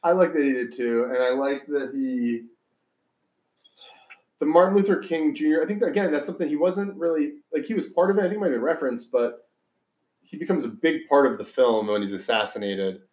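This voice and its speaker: A man's voice: a little high, brisk, a little mellow. Brief: american man, rambling film-chat co-host, echoey room. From United States. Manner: rambling, restarts often, muses aloud. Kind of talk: casual film review chat. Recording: roomy echo.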